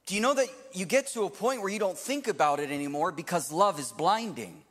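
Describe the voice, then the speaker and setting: Guy preaching, lively up-and-down voice, kinda high, big reverby church hall. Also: fairly quick. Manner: animated preaching, swings loud to hushed. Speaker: pastor. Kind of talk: sermon. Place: church hall with live audience.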